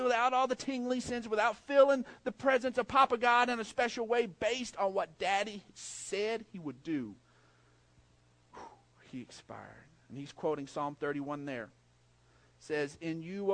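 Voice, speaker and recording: A middle-aged male preacher giving a sermon, telling stories with energy, swinging from loud emphasis to hushed, low passages. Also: moderate pace, no echo.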